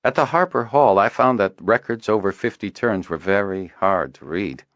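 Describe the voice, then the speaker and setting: A man voicing a brisk, teasing fellow. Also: fairly low pitch, dry recording, muffled recording, pitched above the performer's own voice, lightly acted. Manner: lively, raised voice, upbeat questions. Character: brisk teasing curious man, chiding a friend. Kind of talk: audiobook character voice.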